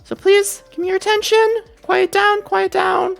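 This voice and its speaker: A woman's voice: flat delivery, moderate pace, creaky, faint music behind, exaggerated voice. A game master voicing Mrs. Claus as a shaky, tearful older woman who makes an announcement and breaks down crying. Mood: shaky, formal. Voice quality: shaky, high, wailing.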